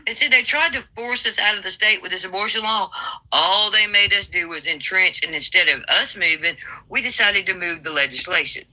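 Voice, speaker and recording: Blunt Southern woman with a bright voice. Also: medium pitch, fairly quick, poor audio. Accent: Southern American. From Alabama, USA. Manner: blunt, emphatic, folksy. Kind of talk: political call-in chat.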